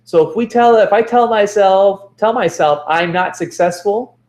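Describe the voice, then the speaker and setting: A man's voice: high-pitched, moderate pace, darkish tone. Man teaching positive thinking, echoey room. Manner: repeats phrases for emphasis, self-corrects. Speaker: self-help speaker. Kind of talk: motivational talk.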